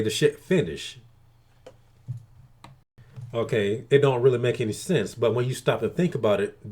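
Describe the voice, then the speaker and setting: A man's voice: mid-range voice, darkish tone, breathy edge. A man giving a casual, crude monologue to his viewers, swearing often and repeating "okay" between thoughts. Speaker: video blogger.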